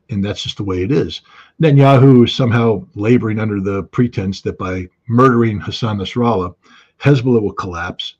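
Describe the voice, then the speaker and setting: A man's voice: lowish voice, a little mellow, breathy edge, muffled recording. A man giving conversational analytical commentary in an interview, with frequent ums and restarts.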